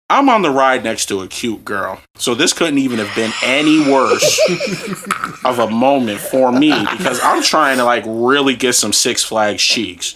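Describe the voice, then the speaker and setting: A man's voice: mid-range voice, sharp tone. A man co-hosting a podcast, telling a story in a casual, comedic way, laughing through it and swearing freely. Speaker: podcast co-host.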